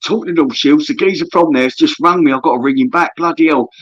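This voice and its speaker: Man, casual rambling chat, slightly high voice, muffled call audio. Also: fast. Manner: rambling, friendly, says mate a lot. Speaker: guest caller. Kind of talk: casual chat on a live panel.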